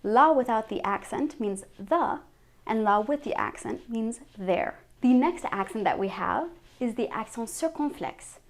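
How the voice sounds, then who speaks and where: Slightly high-voiced woman teaching pronunciation. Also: animated. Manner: models each French sound slowly and clearly. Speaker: French teacher. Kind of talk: scripted language lesson.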